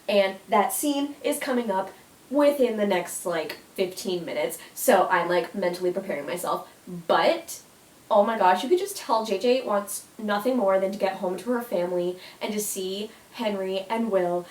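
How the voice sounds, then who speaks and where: A young woman talks through a casual countdown in a gushing, emotional way and keeps saying "oh my gosh." Her voice sits at an ordinary pitch. It sounds roomy and a little distant from the mic. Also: moderate pace. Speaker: YouTuber. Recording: echoey room, mic at a distance.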